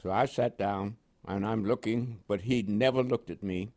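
This older man, originally from Panama, speaks with a fairly low pitch at a normal speed. He tells his life story for an oral history interview in a New York accent touched by West Indian inflections, lively and frequently chuckling.

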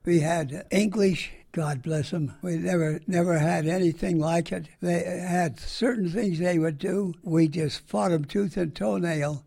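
Old american guy, gravelly and kinda high voice, rambling war stories in a folksy way. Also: unhurried, few pauses, dark tone. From United States. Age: older. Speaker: war veteran interviewee. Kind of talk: oral history interview.

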